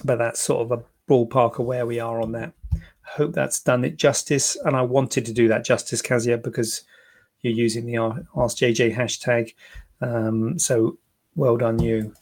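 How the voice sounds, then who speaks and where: A man's voice: mid-range voice, little pitch movement, moderate pace, darkish tone. A man, a plastic surgeon casually answering viewer questions on a live Q&A, thinking aloud with fillers and repeated words.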